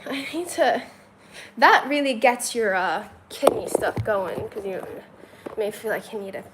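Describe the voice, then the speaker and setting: In a laid-back live-stream chat, a woman from China counts aloud, fields questions from chat, and frequently laughs, all from her hotel room. Her voice is on the high side, animated and a little slow, with background noise present.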